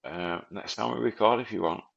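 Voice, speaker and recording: A man's voice: fairly low pitch, a little fast, creaky, lo-fi sound. An English man hosting a podcast, chatting casually over a remote call in a laid-back way, laughing often and calling his guest mate. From England. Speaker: podcast host. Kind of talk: casual conversation.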